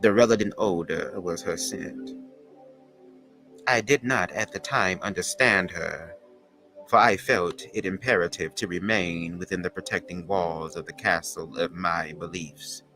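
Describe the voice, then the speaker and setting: A man voicing a stately older woman poet, reading slowly and solemnly in a Southern accent. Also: deep voice, bright, forceful tone, faint music behind, heavily acted. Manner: slow, measured, dramatic recitation. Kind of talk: dramatic poem reading.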